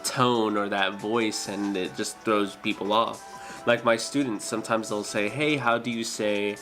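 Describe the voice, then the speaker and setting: A man's voice: lowish voice, fairly even intonation, measured pace, music in the background. A man chatting casually with his stream viewers, hesitant and full of fillers and restarts. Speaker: streamer and dental worker.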